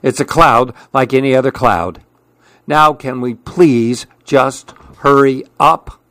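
A man doing a huffy, hurried storybook pigeon. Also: mid-range voice, fairly bright tone, no room sound. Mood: dismissive. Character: fussy, self-important busy male pigeon. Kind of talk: storybook character reading.

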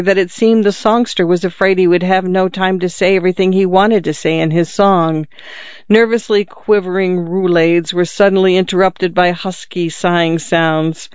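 A man narrating a story in a measured, expressive reading, close to the mic. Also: high voice, clean tone, no room sound. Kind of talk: scripted narration. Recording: slightly dull, dry lo-fi recording.

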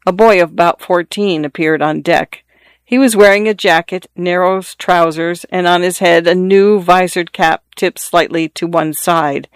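Audiobook narrator, measured, descriptive, smooth voice, dry close mic. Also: medium pitch, fairly even intonation, no echo.

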